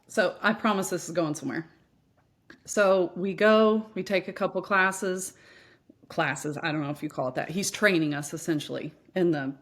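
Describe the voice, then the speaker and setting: A woman in her thirties from Missouri, a fitness coach, telling her story in a chatty, animated interview manner. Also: on the low side. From Missouri, US Midwest. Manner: chatty, animated, acts out quoted voices.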